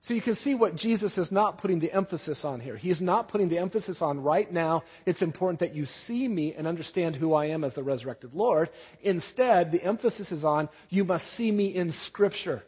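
A man preaches a sermon with earnest emphasis and often turns to his listeners with questions. His voice sits slightly high and sounds a little husky. The recording is dull and lo-fi, with a long reverb trailing through a large hall. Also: animated, brisk, few pauses, a little mellow. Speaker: pastor.

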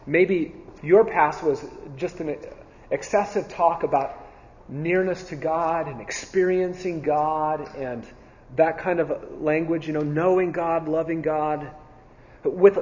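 A church teacher leads a Bible class in a slightly raised, fairly high, somewhat mellow voice, earnest and repetitive, pausing on ums and restarting phrases. The sound has a long hall reverb and comes across a bit dull and muffled.

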